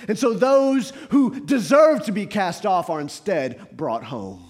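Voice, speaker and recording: A man preaching a sermon as a pastor, building to fervent emphasis and then dropping to hushed, quiet passages. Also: high voice, sing-song, takes it slowly. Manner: rises to fervent emphasis, drops to hushed tones.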